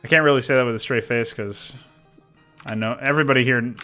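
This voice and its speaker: A man's voice: medium pitch, steady tone, fast talker, pushed and bright. A man livestreaming while working on a game mod, talking casually about design and answering chat, with a rambling way of talking full of restarts. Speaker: modding streamer. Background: faint background music.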